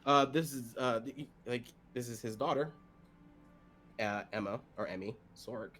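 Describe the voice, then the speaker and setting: A man narrating a tabletop role-playing game as game master, halting often to restart. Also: medium pitch, a bit bright, soft background music. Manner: halting, full of fillers and restarts.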